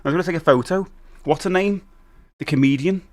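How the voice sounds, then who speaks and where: A man's voice: on the high side, fast talker, a little mellow. A middle-aged man hosting a live stream, chatting casually and rambling as he reads out and answers viewer messages. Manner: chatty and rambling, reading out chat and greeting viewers.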